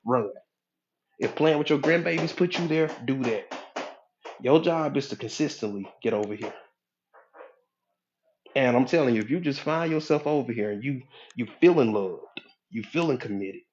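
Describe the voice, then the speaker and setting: Guy coaching folks in a motivational talk, preachy but chatty, mid voice, bit muffled. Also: medium pitch. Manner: preachy, conversational, checks in with "okay?". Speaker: hypnotherapist and life coach.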